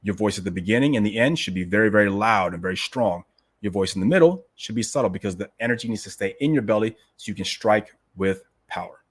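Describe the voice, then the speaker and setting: A man with a fairly low voice who reads a passage aloud and then breaks it down for his listeners. He talks in an emphatic, conversational way, keeps checking in with "right?", and calls his audience "guys" like a coach talking to a team. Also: fast talker, husky. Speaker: host explaining a martial arts classic. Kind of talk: reading passages aloud, then explaining them casually.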